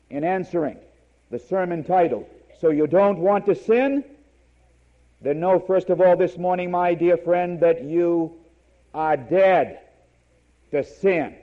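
Emphatic high-voiced male preacher. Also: phone-quality sound. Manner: emphatic, repeating key words for stress. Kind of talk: sermon.

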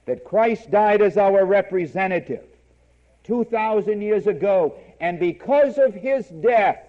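Man, sermon, high voice, emphatic delivery, muffled lo-fi recording. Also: animated, measured pace. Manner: emphatic, repeating key words for stress. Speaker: preacher.

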